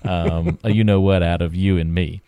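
Male co-host, lowish voice, dry close recording, relaxed anecdotal delivery. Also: moderate pace, clean tone, dry recording. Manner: relaxed storytelling with fillers and laughs. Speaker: podcast co-host. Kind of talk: casual chat.

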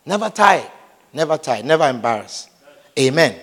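High-voiced man preaching, super animated, jokey, acts out little scenes, lots of echo from the hall. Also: normal speed. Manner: lively, humorous, acts out scenes, repeats phrases, often asks "Do you understand?". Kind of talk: sermon. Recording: long hall reverb.

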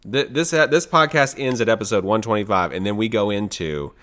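Podcast co-host, man, lowish voice, loose rambling chat. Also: brisk, a bit bright. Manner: rambling, playful, trails off. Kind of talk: casual chat.

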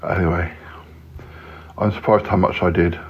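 A man's voice: low voice, steady tone, moderate pace, breathy edge. A man hosting a podcast, chatting casually and hesitantly from a hotel room. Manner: rambling, hesitant, with many ums. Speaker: podcast host. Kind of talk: casual solo chat. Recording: dull lo-fi sound.

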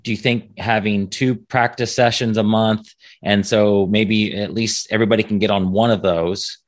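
Guy with a lowish voice, laid back coaching chat, restarts a lot. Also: normal speed. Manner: relaxed, thinking aloud with restarts. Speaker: business coach. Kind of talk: casual consulting chat.

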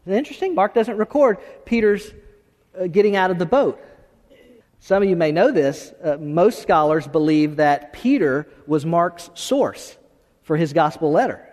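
A man preaching a sermon as pastor, talking in an animated, conversational way with many restarts. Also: on the high side, normal speed. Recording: long hall reverb.

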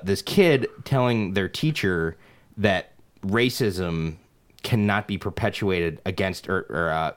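A young man co-hosting a podcast, chatting casually in a rambling, profane way with many restarts. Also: on the low side. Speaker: podcast co-host. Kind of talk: casual chat.

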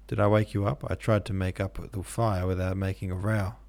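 A man's voice: sits low, little pitch movement, fairly quick, vocal fry, darkish tone. A man voicing a cheerful, hearty young medical student who talks in a breezy, friendly way.

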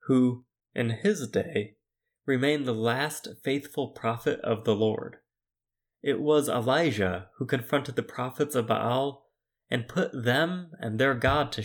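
A man preaching a sermon, retelling scripture in a deliberate, measured storytelling manner. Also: mid-range voice.

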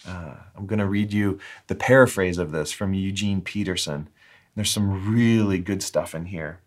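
A pastor gives a heartfelt sermon, pausing and restarting as he searches for words. His voice sits a little low for a man. When he reads scripture, he slows down and lingers over each phrase. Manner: earnest, halting with restarts, slows down for scripture reading.

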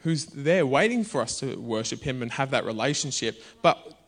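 A man's voice: mid-range voice, moderate pace, breathy edge. A man, preaching a conversational sermon in a church. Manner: conversational and animated, bursts into shouts. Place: church hall.

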